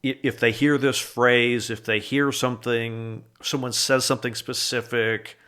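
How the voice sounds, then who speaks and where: A man hosting a podcast, asking questions in a relaxed, chatty way. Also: medium pitch, a little slow, clear, resonant tone. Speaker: podcast host. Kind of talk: casual interview.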